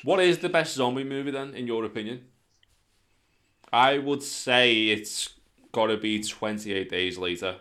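A man's voice: medium pitch, measured pace, sharp tone. A young man, chatting casually on a podcast, swearing freely and acting out voices in his stories. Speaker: podcast co-host. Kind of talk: casual chat.

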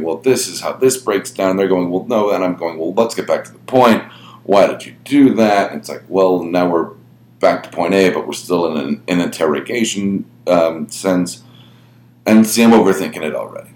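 A man hosting a podcast talks in a deep, low voice through a casual solo monologue. He rambles and reflects on himself with plenty of "um"s and "you know"s. The room sounds echoey, with a faint hum underneath. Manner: rambling and self-reflective, many fillers. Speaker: podcast host running a podcast network.

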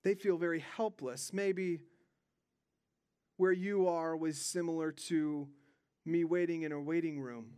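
High-voiced earnest young male preacher. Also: unhurried, long pauses, mellow, smooth, no room sound, studio quality. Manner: earnest, repeats words when stressing a point. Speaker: pastor. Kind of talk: sermon.

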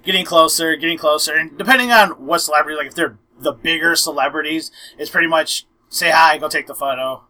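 A man's voice: fairly high pitch, brisk, hardly any pauses, poor audio. A young man hosting a casual podcast, telling a long story and acting out the quotes with lots of "I'm like". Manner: animated, acts out quotes, frequent "I'm like". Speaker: podcast host.

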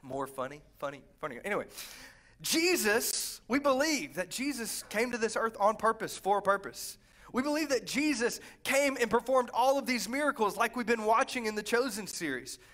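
A man preaching a lively, conversational Pentecostal sermon, swinging from quiet asides to fervent shouts. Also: very high-pitched, normal speed. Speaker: pastor.

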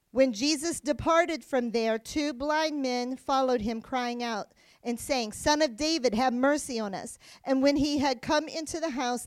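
Woman, Bible teacher, earnest sermon style, high voice, dry close sound. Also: no echo. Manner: earnest, reads scripture then explains with emphasis.

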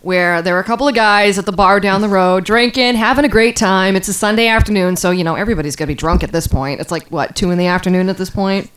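Woman, podcast co-host, casual storytelling, laughs often, acts out quotes, mid pitch. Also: fast, few pauses, fairly bright tone.

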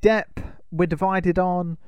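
A man's voice: sits high, fairly even intonation, takes it slowly, a little mellow, clear, resonant tone, no echo, highs cut off. A man co-hosting a podcast in casual chat. He teases his co-host and keeps the talk moving. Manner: teasing, steers the talk along.

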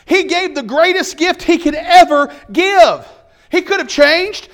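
Brief: male pastor preaching, high-pitched, rhythmic repeated phrases, emphatic delivery. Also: expressive, measured pace. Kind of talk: sermon.

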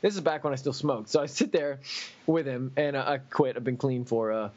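A man hosting a podcast, telling a comedic story to friends, profane and animated, laughing at his own tale. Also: medium pitch, a little fast, highs cut off. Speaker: podcast host.

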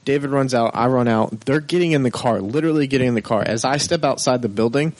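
A man's voice: medium pitch, quick pace, no room sound. A man telling a rowdy bar story in casual chat, acting out voices, with lots of swearing. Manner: animated, profane, acts out quotes.

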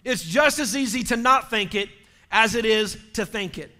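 High, bright-voiced preaching man. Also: normal speed. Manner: impassioned preaching, rising to shouts. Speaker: pastor. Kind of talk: sermon.

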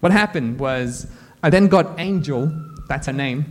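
A pastor preaching a sermon to his church, telling funny personal stories in an animated way. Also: fairly high pitch, measured pace. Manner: animated, humorous storytelling. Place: church in front of a congregation.

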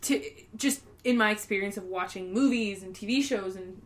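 A woman's voice: medium pitch, moderate pace. A woman co-hosting a podcast in casual chat, thoughtful and searching for her words. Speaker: podcast co-host.

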